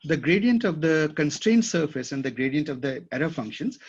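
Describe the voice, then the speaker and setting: A man's voice: a little high, lively intonation, brisk, breathy edge. A man teaching a class at a whiteboard, thinking aloud and often checking that his students follow. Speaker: instructor. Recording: dull lo-fi classroom recording.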